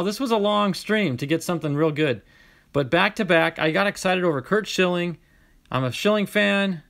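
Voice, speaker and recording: A man hosting a casual card-opening video, reading out player names in a chatty way, with sudden bursts of excitement. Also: a little high, moderate pace. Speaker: card-collecting channel host.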